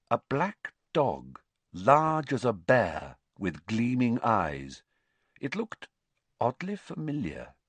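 A man with a lowish voice narrating an audiobook, his intonation rising and falling in a lively, theatrical way. The studio recording is close and dry, with no room sound. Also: no room sound. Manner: animated, theatrical storytelling.

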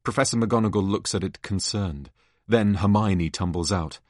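A man's voice: lowish voice, normal speed, darkish tone, dry recording, studio quality. A man reading stage directions aloud in a plain, matter-of-fact way. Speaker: narrator.

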